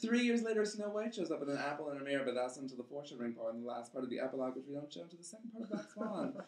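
Fast rambling young man, absurd narration. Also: mid-range voice. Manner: rambling, absurd, deadpan then giggly. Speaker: comedic narrator. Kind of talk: improvised mock film summary. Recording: roomy echo.

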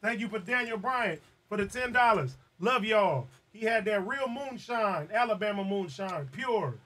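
High-voiced host, off mic. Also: male voice, expressive, a little slow, sharp tone, far from the mic. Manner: laid-back, reads donation messages. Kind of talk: casual podcast chat.

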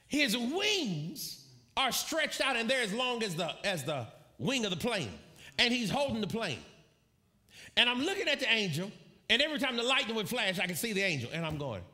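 A man preaching a sermon, telling a story with animated, shouted quotes and bursts of laughter. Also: extremely high pitch. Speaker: pastor.

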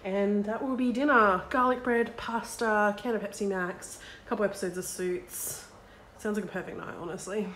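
A young woman chats candidly to camera in a casual vlog, rambling with frequent ums and likes. Her voice sits at a middling pitch. A faint noise hums behind her. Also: steady tone, moderate pace, a bit bright. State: congested with a cold. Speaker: vlogger. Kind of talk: casual day-in-the-life vlog chat.

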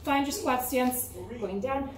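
At a measured pace, a high-voiced American fitness instructor counts out reps during a home workout, slightly short of breath, with crowd noise audible. She's recorded by a camera some way off in a room with a ceiling fan, sounding roomy and distant against background music.

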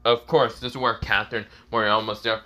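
A man's voice: fairly low pitch, little pitch movement, fairly quick, bright, forceful tone. A man casually retelling a fan story, rambling and swearing, laughing at his own lines.

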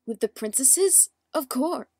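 A woman's voice: high voice, expressive, measured pace, heavy background noise. Sheepish woman correcting herself. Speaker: voice actor. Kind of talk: blooper outtakes, casual chat.

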